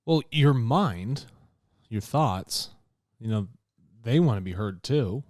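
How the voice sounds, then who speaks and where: A man's voice: mid-range voice, lively intonation, slow, a little mellow, no echo, clean studio sound. A man co-hosting a podcast in casual chat, talking loosely with many fillers. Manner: laughs easily, loose and conversational with many fillers. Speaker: podcast co-host.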